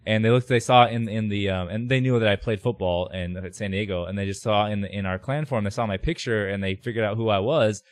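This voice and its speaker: A man on a podcast as a guest, telling a story in casual chat with lots of fillers and loud bursts. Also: fairly low pitch, fast talker, hardly any pauses, dry recording. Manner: animated, shouts heckles in quoted voices, many fillers.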